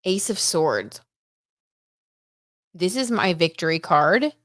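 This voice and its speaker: A young woman hosting a casual live-stream tarot reading, chatty and excitable, reading out viewer comments and reacting with frequent exclamations. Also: lowish voice, slow, dry recording, studio quality. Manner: chatty and excitable, lots of "oh my god" and "like".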